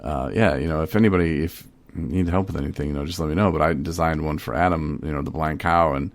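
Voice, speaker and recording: A man's voice: rumbling low, steady tone, quick pace, dry recording. A man hosting a podcast, telling stories in a rambling, laid-back, casual way. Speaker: podcast host.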